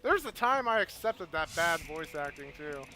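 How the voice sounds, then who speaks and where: A man's voice: on the high side, sing-song, normal speed. A man playing on a gaming stream, explaining what he does in a laid-back, rambling way. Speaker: co-host playing the game on stream. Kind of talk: casual chat while gaming. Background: loud game music.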